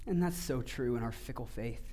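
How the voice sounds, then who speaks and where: A male pastor preaching a sermon, earnest, rising to emphatic passages and dropping to hushed low ones. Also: brisk.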